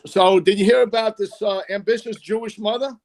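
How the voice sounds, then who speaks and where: High-voiced man telling jokes on a video call. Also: steady tone, fairly quick, a little mellow, a little hiss or hum. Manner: rambling delivery, fumbles and corrects himself mid-joke. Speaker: joke-teller at an online comedy night.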